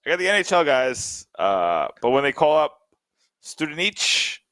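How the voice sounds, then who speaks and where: A man's voice: mid-range voice, very animated, normal speed, fairly bright tone, no room sound, studio quality. A man co-hosting a podcast, rambling and joking with plenty of fillers. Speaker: podcast co-host. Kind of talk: casual podcast chat.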